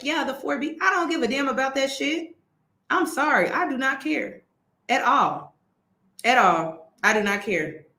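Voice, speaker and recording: An emphatic woman vlogger with a bright, higher voice gives casual commentary in an echoey room. She is exasperated, slangy and hammers the same point again and again. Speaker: vlog host.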